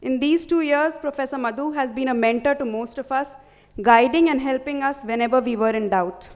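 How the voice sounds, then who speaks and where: A woman, a student reading a vote of thanks from notes, with an earnest and steady delivery. Her voice sits a little high. The long reverb of a big hall hangs behind her. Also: a little fast. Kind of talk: prepared vote of thanks speech. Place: large auditorium hall.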